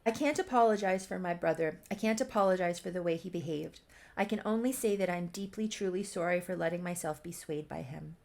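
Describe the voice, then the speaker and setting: A tearful young woman, guilt-ridden and anxious, pleading earnestly for forgiveness, as a woman puts her on while retelling a life-sim soap opera. Her voice carries a gravelly fry. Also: fairly low pitch, brisk, darkish tone.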